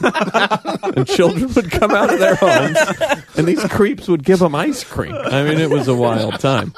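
A man from Idaho, a guest telling self-deprecating comic stories in casual chat, acting out little voices. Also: a little high.

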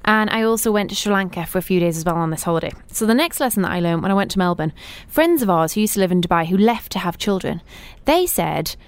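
A woman presenting on a radio show, telling animated, laughing anecdotes in a chatty way in a studio. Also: lowish voice, quick pace, hardly any pauses, clear, resonant tone. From Britain.

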